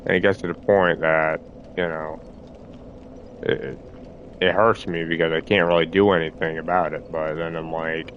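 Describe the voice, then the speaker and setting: A man rambling through a halting monologue, repeating himself, restarting phrases and swearing as he tries to reassure himself. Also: rumbling low, flat delivery, phone-quality sound, a little hiss or hum. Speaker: streamer.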